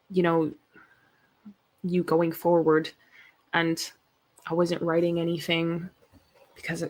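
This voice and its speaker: Passionate young woman livestreaming. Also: lowish voice. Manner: passionate, emphatic, animated. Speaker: livestream host. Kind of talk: casual livestream talk reading chat.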